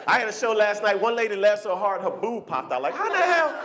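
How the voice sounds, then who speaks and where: A male stand-up comedian works a club stage in an animated, teasing way. His voice is high for a man and leaps all over the place. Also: a little fast, noisy background.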